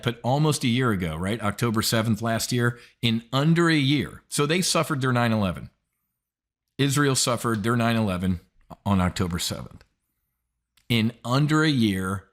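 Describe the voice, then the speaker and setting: A man's voice: fairly low pitch, fairly bright tone. Blunt, profane male market commentator. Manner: blunt, profane and emphatic, with sarcastic asides.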